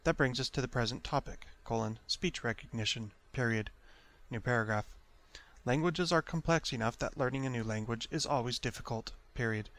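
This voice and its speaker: A man dictating an article aloud in a careful, measured way, speaking each punctuation mark. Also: medium pitch, fairly bright tone.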